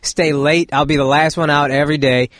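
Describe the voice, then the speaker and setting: A man's voice: on the high side, fairly even intonation, a little fast, a bit bright, dry recording. A male comedian guest in casual podcast chat, laid-back and slangy as he tells stories.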